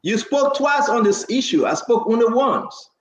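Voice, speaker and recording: A man's voice: extremely high pitch, sing-song, normal speed, reverberant. A man hosting a political talk show, demanding answers and defending himself.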